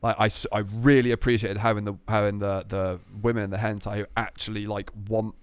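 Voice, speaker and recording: A man's voice: lowish voice, a little fast, clean tone, no echo. A man, co-hosting a casual podcast chat, swearing freely and reading out his own notes. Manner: swears often, reads out his notes, animated. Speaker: podcast co-host.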